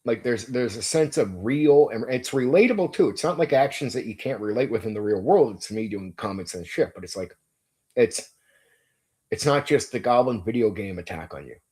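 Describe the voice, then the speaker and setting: A man's voice: mid-range voice, expressive, normal speed, a little mellow, slightly rough. A man hosting a casual stream about running tabletop games, enthusiastic and emphatic, swearing freely and repeating words as he thinks aloud. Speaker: game master and channel host.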